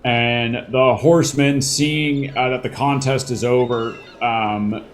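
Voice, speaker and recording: A man's voice: mid-range voice, steady tone, takes it slowly, a little hiss or hum. A man narrating a tabletop game as game master, rambling with many fillers and casual swearing.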